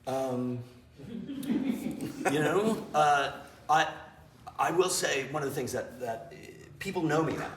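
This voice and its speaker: A man, an improv teacher and director, telling animated, self-mocking stories in an interview. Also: a little high, takes it slowly, long pauses. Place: theater. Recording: roomy, distant mic with faint noise.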